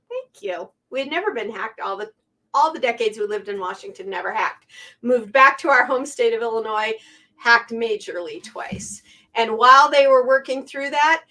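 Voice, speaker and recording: A woman's voice: a little high, sharp tone. A middle-aged woman hosting a quilting channel, talking to her viewers in a chatty, heartfelt, rambling way. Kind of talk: casual talk to camera. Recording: voice a bit far from the mic.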